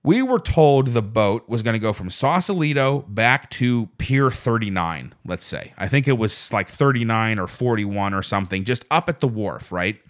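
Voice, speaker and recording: A man's voice: on the low side, animated, moderate pace, hardly any pauses. A man hosting a solo podcast, telling a rambling, self-deprecating story with plenty of swearing. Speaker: podcast host.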